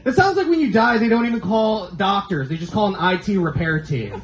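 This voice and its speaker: High-voiced brash stand-up comic. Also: male voice, sing-song, a little fast, roomy sound, a little hiss or hum, low-quality recording. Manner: brash, crude punchlines, jumps between high and low pitch. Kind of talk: stand-up set. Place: comedy club stage.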